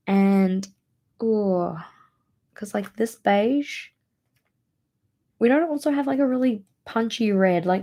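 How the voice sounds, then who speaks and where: A young woman with a tired, hoarse voice, chatting casually and rambling through a show-and-tell of her haul. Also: mid-range voice, darkish tone. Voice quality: gravelly. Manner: chatty, rambling with many fillers. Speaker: planner vlogger.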